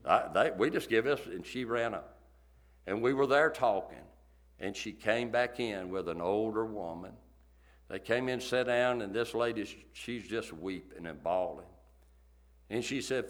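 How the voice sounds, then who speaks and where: A man preaching a sermon, telling a story in a folksy, emphatic way and repeating himself. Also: on the low side. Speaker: pastor.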